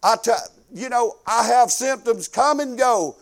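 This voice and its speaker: Older preacher, high folksy voice. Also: male voice, measured pace, gravelly. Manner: folksy, conversational preaching that swells into emphatic bursts. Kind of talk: sermon.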